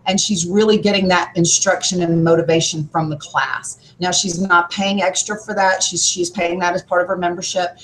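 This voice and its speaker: A woman's voice: mid-range voice, a little hiss or hum, poor audio. A woman who works as a gym trainer, a podcast guest giving upbeat, coach-like workout advice.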